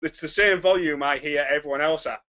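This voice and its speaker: A loud, chatty man co-hosts a casual podcast and laughs often. His voice is bright and somewhat high, and the recording sounds dull and lo-fi. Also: a little fast. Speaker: podcast co-host. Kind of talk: casual banter.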